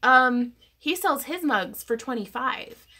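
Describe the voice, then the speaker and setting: A woman's voice: high-pitched, lively intonation, slow pace, pushed and bright. A woman hosting a casual craft livestream, chatty and giggly, reading viewer comments aloud.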